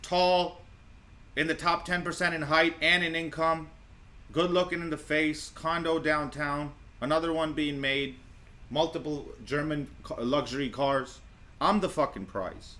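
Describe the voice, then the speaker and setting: Cocky guy ranting over clips, swears a lot, bright voice. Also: a little high, fairly even intonation, a little slow. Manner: boastful, blunt, swearing freely. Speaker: reaction commentator. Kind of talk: crude reaction commentary.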